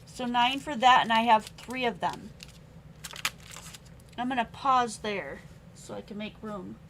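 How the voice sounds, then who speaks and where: A young adult woman hosts a live-streamed craft supply sale from home, chatting as she reads out stamp sentiments and prices. Her voice is fairly high and measured in pace, with a noisy background.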